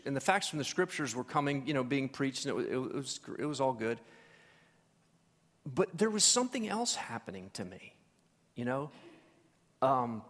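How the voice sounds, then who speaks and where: A man teaching a church Bible study, telling stories in an animated way with frequent restarts and personal asides. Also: mid-range voice. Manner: animated storytelling, many restarts, personal testimony. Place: church hall. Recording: long hall reverb.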